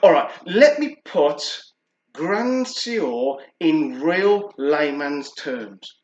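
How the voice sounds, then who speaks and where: A British man, a fragrance reviewer, telling a story in a chatty, animated way. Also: fairly high pitch, drawn-out words, muffled recording. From United Kingdom. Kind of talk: storytelling vlog. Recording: roomy echo.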